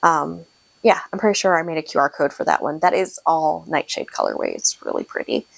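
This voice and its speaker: Woman in her 30s rambling about knitting, bit of vocal fry, laughs a lot, close dry mic. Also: low-pitched, wildly swooping pitch, fairly quick, no room sound. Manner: rambling, chatty, laughs often, restarts sentences. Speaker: knitting podcast host. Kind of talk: casual chat to camera. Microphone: close microphone.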